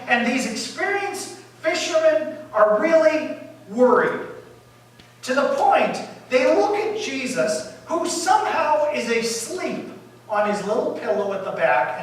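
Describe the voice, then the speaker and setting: A male pastor telling a story in a sermon, lively and animated, acting out the disciples' panic and dropping to quiet asides. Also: very high-pitched, a little slow. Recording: echoey room from far off.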